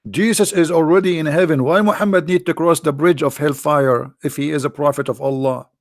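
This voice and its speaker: A man's voice: a little high, steady tone, a little fast, no room sound, clean studio sound. A man from the Arab world with an Arabic accent, hosting a casual commentary in a mocking, sarcastic manner. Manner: mocking, sarcastic, jumps into voices. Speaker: host.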